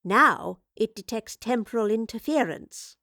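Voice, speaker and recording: Woman reader playing a flirtatious, unafraid lady professor, lilting and animated. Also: fairly high pitch, measured pace, dry recording, studio quality, heavily acted. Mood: explaining. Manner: cheeky, flirtatious, fearless. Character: bold, teasing female time-travelling professor.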